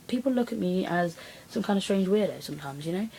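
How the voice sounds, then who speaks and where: A woman's voice: medium pitch, fast talker, gravelly, slightly rough, rough recording. A teenage girl, rambling through a personal story in a casual vlog and acting out what people said. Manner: rambling, animated retelling with acted quotes. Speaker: vlogger.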